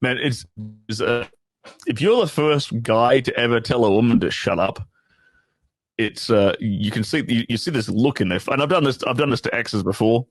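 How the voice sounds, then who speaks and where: A man's voice: medium pitch, moderate pace, no room sound. A man co-hosting a casual chat, talking frankly with lots of swearing and hedging. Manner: frank, profane, hedging with fillers.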